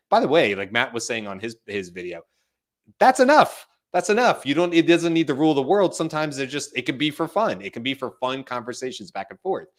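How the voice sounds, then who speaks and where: A man co-hosting a podcast, chatting casually and telling stories with quoted voices. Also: mid-range voice. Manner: animated storyteller, quoting and mimicking voices. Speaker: podcast co-host. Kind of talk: casual chat.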